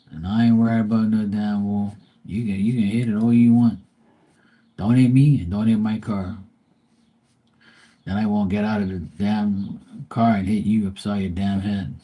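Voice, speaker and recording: A man holding forth in casual live-stream chat, blunt and profane as he rants. His voice is dark and mellow, with a husky edge to it. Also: fairly low pitch, fairly even intonation, moderate pace. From Bermuda.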